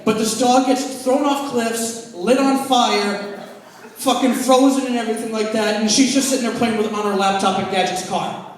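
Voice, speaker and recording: A young man in his twenties performing a profane, conversational stand-up set on a comedy club stage. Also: very high voice. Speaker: stand-up comic. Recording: echoey club, captured from far off.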